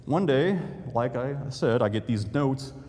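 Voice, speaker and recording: A man's voice: mid-range voice, lively intonation, a little slow, a little mellow. A man, a YouTuber giving a folksy storytelling talk to an audience. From Indiana, USA. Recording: long hall reverb, faint noise.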